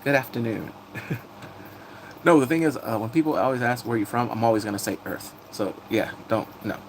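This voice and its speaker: A man chatting casually on a live stream, recapping TV episodes and greeting viewers, laughing and animated. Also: medium pitch, normal speed, a little hiss or hum.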